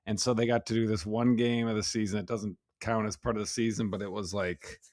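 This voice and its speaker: A man's voice: fairly low pitch, fairly even intonation, fairly quick, darkish tone, dry recording, clean studio sound. A man co-hosting a podcast in easygoing casual chat, laughing often and swearing casually. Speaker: podcast co-host.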